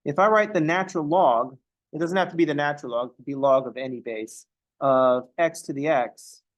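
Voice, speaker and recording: The recording is dull, capturing a man speaking a little fast with a fairly high voice. He's lecturing a math class step by step, peppering it with self-interrupting jokes.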